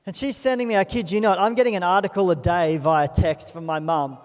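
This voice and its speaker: A man's voice: high voice, brisk, hardly any pauses. A young Australian man preaching a sermon in a church, telling stories in a chatty, self-deprecating way. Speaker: pastor. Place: church auditorium. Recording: long hall reverb.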